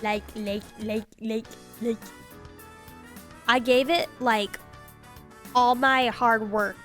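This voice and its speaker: A young adult woman streamer chats casually while playing a game, rambling and saying "like" constantly. Her voice is a little high and a bit bright, with a steady tone and a slow pace. Faint game music plays behind her.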